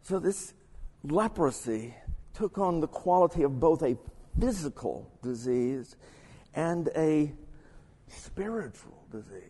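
A man's voice: sits high, a little mellow. A man giving a sermon-style Bible lesson, reading scripture aloud and adding his own asides. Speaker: pastor or Bible teacher. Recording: long hall reverb.

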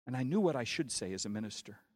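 A male preacher telling a story in a sermon, with dramatic swings from hushed to loud. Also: medium pitch, sing-song, fast talker, breathy edge, in a large hall.

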